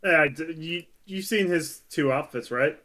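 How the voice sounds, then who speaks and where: Male podcast co-host, slightly high voice, eager and tumbling over words in casual chat. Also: measured pace. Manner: excitable, stumbling restarts and laughs.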